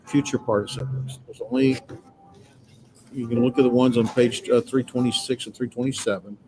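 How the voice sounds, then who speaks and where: A man's voice: mid-range voice, fairly even intonation, moderate pace, music in the background, poor audio. Patient male instructor explaining grammar. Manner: patient, explanatory, reassuring, with frequent filler sounds. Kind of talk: classroom lecture. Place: classroom with students.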